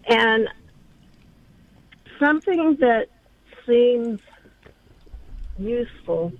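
A woman in her seventies calling in to a talk show, speaking in a slow, reflective way. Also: a little high, lively intonation. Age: 70s. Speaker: caller. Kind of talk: phoned-in call to a talk show. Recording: tinny phone line.

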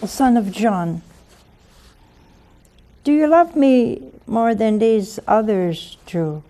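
A woman voicing Jesus as a gentle, solemn man, speaking slowly and tenderly as she retells a scripture scene. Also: a little high, lively intonation, full character voice.

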